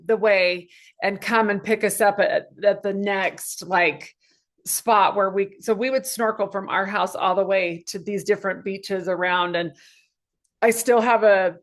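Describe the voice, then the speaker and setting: A middle-aged woman telling a personal story casually on a video call, animated and full of fillers and restarts. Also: medium pitch. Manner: animated, acts out quoted voices, many fillers and restarts. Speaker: guest speaker.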